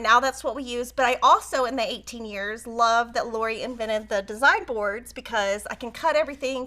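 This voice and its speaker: A middle-aged woman with a high, bright voice hosts a casual quilting livestream. She chats in an excitable, rambling way, full of little fillers, as she moves into a tutorial. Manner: chatty and excitable, with many "um" and "like" fillers. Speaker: host of a quilt shop livestream. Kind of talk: casual live-stream chat and quilting tutorial.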